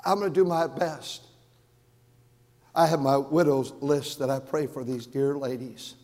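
Man, pastor, earnest sermon, repeats words, loud then hushed, long reverb in a big church. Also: on the high side. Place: large church sanctuary.

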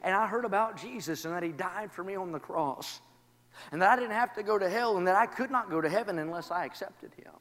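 A man preaching a sermon, moving from quiet testimony to shouted, rhythmic praise. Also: high voice, a little fast. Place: church. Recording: long reverb of a large hall. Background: congregation responding.

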